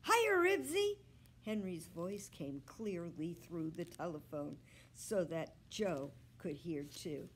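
A librarian woman reading a children's book aloud with slow, expressive storytelling. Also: deep voice, husky.

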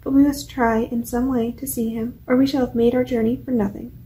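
A woman's voice: fairly high pitch, little pitch movement, brisk, mellow, a little hiss or hum, close to an everyday voice, rough recording. A woman reading as a polite young girl.

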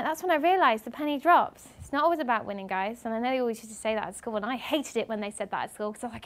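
A young woman from England giving a lively talk to students at a university as a guest speaker, acting out what other people said as she tells her stories. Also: fairly high pitch, racing, hardly any pauses. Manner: animated storytelling, acting out others' lines. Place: university lecture room.

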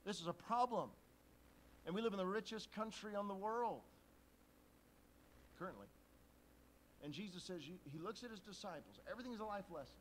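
A man's voice: high-pitched, expressive, moderate pace, long pauses, slight background noise, low-quality recording. A male pastor preaching a sermon at a conference, telling stories, acting out quoted voices and reading scripture in old-style wording. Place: church conference hall.

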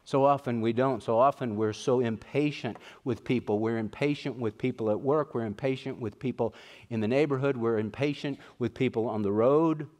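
A pastor preaching a sermon earnestly, slowing down to stress key words. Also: male voice, medium pitch, a little mellow.

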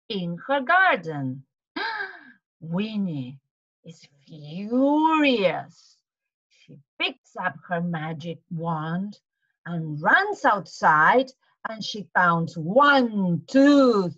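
A woman teaching to children, retelling a storybook in an animated way, with gasps and questions to the kids. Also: mid-range voice, highs cut off.

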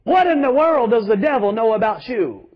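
A man's voice: extremely high pitch, expressive, moderate pace, lo-fi sound. A man pastor preaching a sermon with emphatic rhetorical questions and calls to the congregation.

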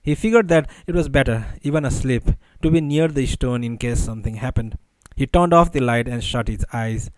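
A man narrating an audiobook in a measured, even storytelling voice. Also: medium pitch, no echo, rough recording.

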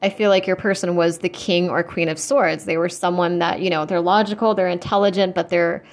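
A young woman giving a casual tarot reading, chatty and full of fillers, blunt and quick to swear. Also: lowish voice, fairly even intonation. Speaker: tarot reader.

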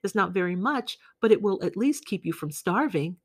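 A woman's voice: medium pitch, animated, moderate pace, no room sound, clean studio sound. A woman reading as a lonely, clingy woman. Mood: pleading. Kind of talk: audiobook reading.

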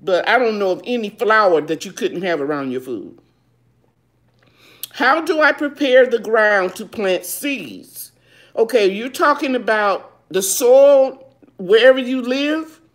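A woman's voice: on the high side, expressive, a little slow. A woman hosting a live gardening chat. She reads viewers' questions aloud and answers them in a homey, loose way, calling people baby. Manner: loose, with fillers and restarts. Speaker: gardening show host.

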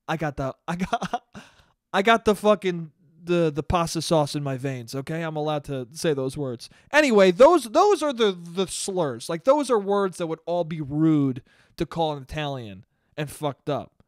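A young man hosting a solo comedy podcast, talking in a profane, animated rant and laughing at his own jokes. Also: a little high, measured pace, no echo, clean studio sound. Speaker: podcast host.

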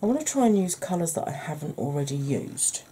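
A woman with a husky, croaky voice hosts a soft-spoken ASMR makeup tutorial, chatting gently to her viewers. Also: low-pitched, sing-song, fairly quick, a little hiss or hum. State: husky, croaky voice from a sore throat.

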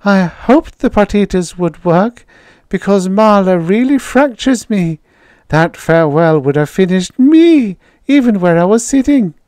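Gleeful squealing young woman, played by a man reading, pitched way up, loud. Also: measured pace, clean tone, no echo. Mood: giddy. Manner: squealing, excitable.

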